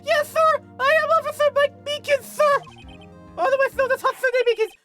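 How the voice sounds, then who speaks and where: A woman puts on a frantic young police officer in a video game, yelling every answer at full force. He snaps out each line far above her own pitch and caps it with a loud "sir." The voice is strained and keyed-up. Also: fairly even intonation, normal speed, over loud music. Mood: eager shouting. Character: overeager young male police officer, shouting.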